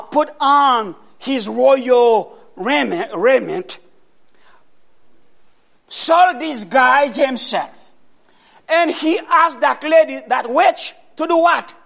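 Slow gravelly high-voiced preacher man. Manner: slow, questioning the congregation, bursts of loud emphasis. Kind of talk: sermon.

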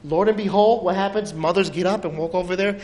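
High-voiced man preaching in a reverberant hall. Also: a little fast. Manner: animated storytelling with dramatic pitch swings and soft drops. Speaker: pastor. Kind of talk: sermon.

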